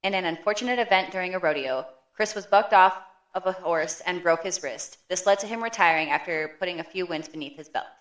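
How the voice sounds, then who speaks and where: A woman co-hosting a podcast, narrating a prepared story in a steady manner with dry quips. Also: lowish voice, brisk. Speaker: podcast co-host. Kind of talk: reading scripted narration.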